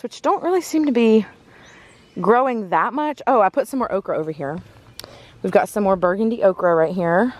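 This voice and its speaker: Chatty woman touring her garden. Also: mid-range voice. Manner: chatty, rambling, many ums and self-corrections. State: out of breath from walking fast. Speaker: farm vlogger giving a garden tour. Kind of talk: casual walking tour chat. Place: outdoors in a garden.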